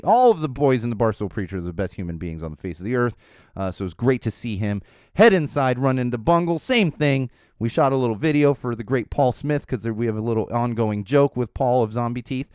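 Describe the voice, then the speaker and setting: Male podcast host, casual rambling storyteller, smooth clear tone, dead-dry recording. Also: mid-range voice, darkish tone, no echo. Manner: rambling, with many fillers and restarts.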